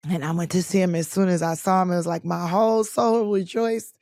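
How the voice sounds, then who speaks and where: A woman guest telling personal stories in an interview, animated and quick to act out the voices of the people in them. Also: lowish voice, no room sound, studio quality. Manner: animated storyteller acting out quoted voices. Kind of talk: storytelling interview.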